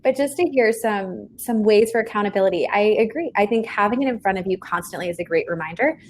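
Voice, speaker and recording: A woman hosting a live webinar, reacting warmly and passing on chat notes to viewers. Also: medium pitch, quick pace, a little hiss or hum. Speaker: webinar host. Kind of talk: casual live-stream hosting.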